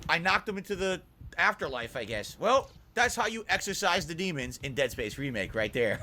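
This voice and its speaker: A man's voice: on the high side, sing-song, normal speed, sharp tone, a little hiss or hum. A man streaming a video game, commentating live and ranting profanely at bugs and glitches. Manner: profane, easily angered ranting.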